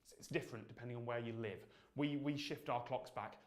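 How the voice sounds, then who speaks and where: A man's voice: medium pitch, fairly even intonation, fairly quick, natural voice. A man voicing a polite caller who patiently explains things with hesitant "um"s. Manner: mild, matter-of-fact, hesitant "um"s.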